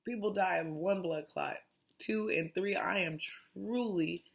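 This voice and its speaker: A woman's voice: lowish voice, measured pace, gravelly, slightly rough. A woman hosting a casual mindfulness talk, reading aloud in a chatty, digressive way and often restarting her lines. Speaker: host.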